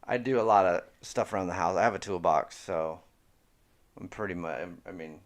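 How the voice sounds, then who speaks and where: Man with a low voice, joking and profane. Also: moderate pace. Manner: joking, profane, self-mocking storyteller. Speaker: podcast co-host. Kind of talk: casual podcast chat.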